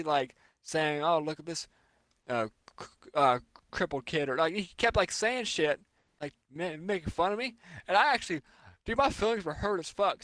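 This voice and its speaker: A man's voice: high-pitched, a bit bright, dry recording. A young man co-hosting a podcast, telling crude stories in casual chat and laughing often. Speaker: podcast co-host.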